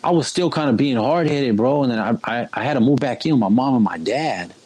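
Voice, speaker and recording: A man's voice: medium pitch, animated, brisk, a little mellow, husky, low-quality recording. A young man telling his life story in a casual, slangy way, keeps saying "bro". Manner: laid-back street slang, keeps saying "bro" and "you know what I mean". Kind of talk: casual spoken testimony.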